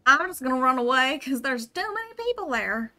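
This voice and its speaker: Fairly quick and sing-song, this young woman's high voice has a bright, forceful edge. She's streaming gameplay, commenting casually as she thinks aloud and sprinkling in plenty of "like" and "um."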